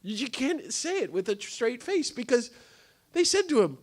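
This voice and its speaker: A man's voice: very high voice, wildly swooping pitch, normal speed. A man giving an impassioned talk to a live audience, often jumping into the voices of the people he quotes. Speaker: speaker on nonviolence. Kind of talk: animated lecture to a live audience. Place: conference hall.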